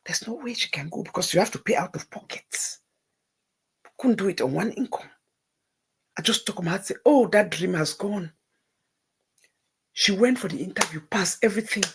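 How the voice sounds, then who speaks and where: Middle-aged woman host, husky gravelly voice, confessional storytelling with hushed and emotional swings. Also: mid-range voice, lively intonation, normal speed, long pauses. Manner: shifts between hushed near-whispers and tearful outbursts. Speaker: livestream host.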